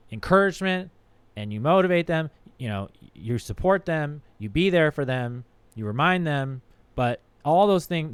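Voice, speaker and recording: A doctor chats frankly and casually on a livestream from his home streaming setup, swearing a bit in a conversational way. His voice is medium-pitched and clean in tone, with no echo.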